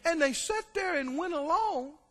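A man preaching a sermon, emphatic and calling out to his congregation, swinging between hushed and shouted lines. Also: very high-pitched, animated, measured pace. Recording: long hall reverb.

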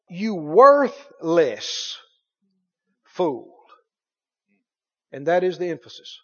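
Man, pastor, sermon, lively pitch, dull sound. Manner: animated preaching, reads scripture aloud. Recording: dull sound in a long-reverb hall.

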